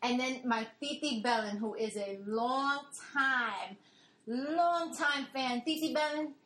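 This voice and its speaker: A woman hosting a fan podcast from a family gathering at home, emotional and quick to laugh. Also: sits high, pushed and bright, echoey room, rough recording. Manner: emotional, gushing, laughs often. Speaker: podcast host. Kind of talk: casual chat.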